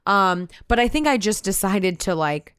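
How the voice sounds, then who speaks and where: A woman co-hosting a podcast in casual chat, with dry, teasing, deadpan asides. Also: mid-range voice, normal speed, smooth, no room sound. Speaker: podcast co-host.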